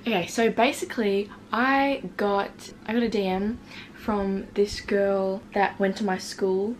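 A woman's voice: medium pitch, steady tone, measured pace, slight background noise. A woman in her late teens telling a storytime to her camera, chatty and self-mocking, with lots of "like". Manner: reads out old messages in put-on voices. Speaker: vlogger. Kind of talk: casual storytime.

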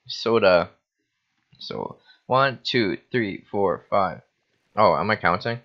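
Young man, tipsy on wine, rambling and cursing, lowish voice that swings widely, muffled lo-fi sound. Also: expressive, slow pace, long pauses. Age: young adult. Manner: rambling, self-mocking, swearing. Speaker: host. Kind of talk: casual Minecraft let's-play chatter. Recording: dull lo-fi recording.

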